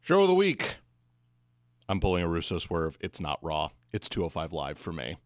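A man's voice: sits low, wildly swooping pitch, moderate pace, dry recording, studio quality. A man co-hosting a wrestling podcast in casual chat, opinionated and wry. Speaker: podcast co-host.

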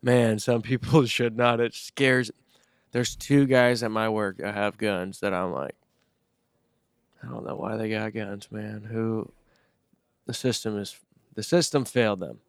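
A man's voice: lowish voice, fairly even intonation, measured pace, creaky, long pauses, no echo, studio quality. A man talking bluntly in a casual podcast chat, full of "like" and "dude". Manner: blunt, swears, says "like" and "dude" a lot. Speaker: podcast co-host.

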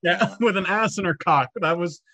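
A man co-hosting a loose podcast chat about a film. His voice sits a little higher than average, and he laughs easily and swears freely as he reacts to his co-host. He speaks in an informal, conversational way. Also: moderate pace, bright, forceful tone. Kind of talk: casual film discussion.

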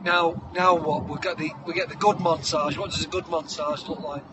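A man telling a comic story, acting scenes out with shouted voices. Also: fairly high pitch, fairly even intonation, normal speed, background noise. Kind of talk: comedic improvised storytelling.

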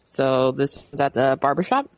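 A woman's voice: a bass voice, sing-song, normal speed, no echo. A woman hosting a podcast in casual chat, steering the talk by handing turns to the others. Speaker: podcast host.

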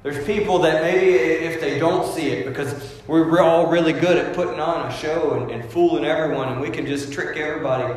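A man's voice: on the high side, fairly even intonation, a little fast, few pauses, a little mellow, slight background noise. A male pastor giving an emphatic, conversational sermon and acting out everyday voices as he makes his points. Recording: very echoey hall with long reverb.

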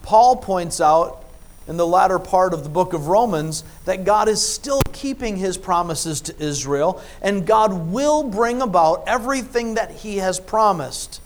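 Man, pastor, sermon, high voice, emphatic delivery, soft-then-loud phrasing. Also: lively intonation, a little slow, slight background noise.

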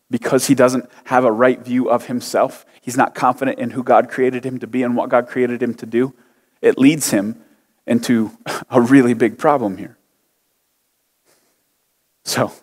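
A pastor in his thirties with a mid-range, slightly mellow voice preaches a conversational sermon, often putting questions to his listeners. A long hall reverb colors the recording.

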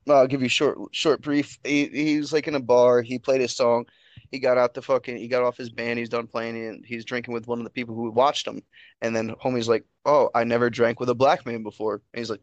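A man's voice: mid-range voice, no room sound, muffled recording. Man, podcast host, casual chat, heavy swearing, dry close sound. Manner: heavy swearing, animated storytelling.

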